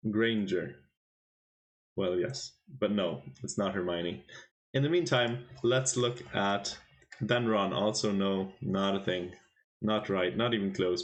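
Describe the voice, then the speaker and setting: Playful man chatting on a live stream. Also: fairly low pitch. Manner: playful, teasing the chat with quiz questions. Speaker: chess tournament commentator and streamer. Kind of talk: casual live-stream chat.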